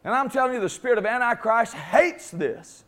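High-voiced, emphatic male preacher. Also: animated, moderate pace, fairly bright tone. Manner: emphatic, repeats phrases, calls for congregation response. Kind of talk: sermon.

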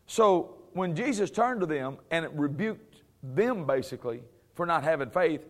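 Male preacher, high-pitched, conversational Bible teaching, frequent chuckles, sarcastic humor with firm emphasis. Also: lively intonation, moderate pace.

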